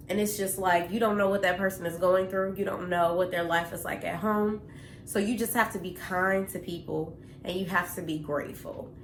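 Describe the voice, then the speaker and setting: A woman's voice: fairly low pitch, slight background noise. A young woman talking earnestly and from the heart in a personal vlog, with many fillers like "um" and "you know.". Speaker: vlogger. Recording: echoey room.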